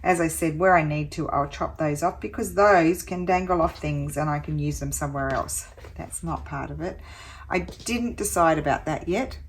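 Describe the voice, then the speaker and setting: A woman's voice: sits low, moderate pace, a little hiss or hum. A woman talking through her sewing project as a craft vlogger, chatty and thinking aloud with little exclamations.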